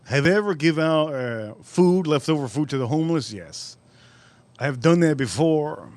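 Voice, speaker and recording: A man's voice: on the high side, moderate pace, no room sound. Rambling man hosting a live stream. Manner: rambling, animated storyteller. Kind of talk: casual live-stream chat.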